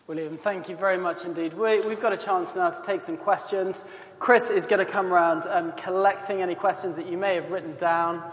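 Man hosting Q&A, courteous and measured, slightly high voice, echoey hall. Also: fairly even intonation, a bit bright. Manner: polite, measured questioning. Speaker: event host.

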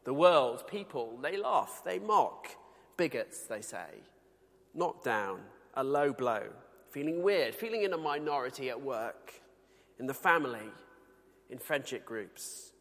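A man from the UK preaching a sermon in a conversational, earnest way, slowing down to read scripture. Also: mid-range voice, lively intonation, a bit bright, in a large hall. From United Kingdom.

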